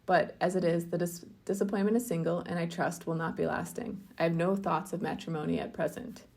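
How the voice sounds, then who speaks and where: A woman reading the part of a proud, indignant young lady from a classic novel, in a crisp, formal manner. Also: lowish voice, fairly even intonation, brisk, darkish tone.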